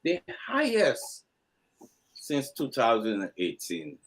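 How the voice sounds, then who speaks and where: A man's voice: mid-range voice, huge pitch swings, takes it slowly, poor audio. A man, arguing his point insistently in a heated political debate and repeating himself when cut off. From Liberia. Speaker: panel guest.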